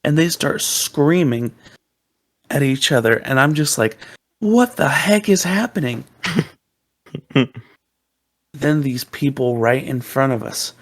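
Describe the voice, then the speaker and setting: A young man on a podcast, telling a rambling story with plenty of fillers and restarts. His voice has a gravelly, creaky texture at a middle pitch. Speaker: podcast co-host. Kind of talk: casual storytelling.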